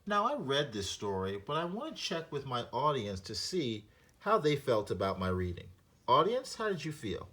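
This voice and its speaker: A man teaching a reading lesson, explaining punctuation and reading a short story aloud to show flat and expressive delivery. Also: on the low side.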